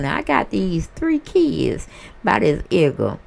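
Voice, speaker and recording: Sassy gravelly-voiced woman gossiping. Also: on the low side, a little slow. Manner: sassy, animated storyteller who acts out other people's voices. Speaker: celebrity gossip commentator. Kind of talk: casual gossip monologue.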